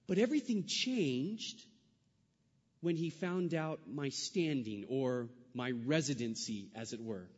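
A man's voice: medium pitch, husky, highs cut off. Man preaching in a reverberant hall. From California. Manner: storytelling with animated asides, then slow emphatic preaching. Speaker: pastor. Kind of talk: sermon.

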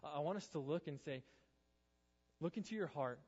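A man's voice: fairly high pitch, expressive, moderate pace, a little mellow, breathy edge. A man preaching a youth sermon, earnest and urging, asking his listeners question after question. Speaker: youth pastor. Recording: dull sound with long hall reverb.

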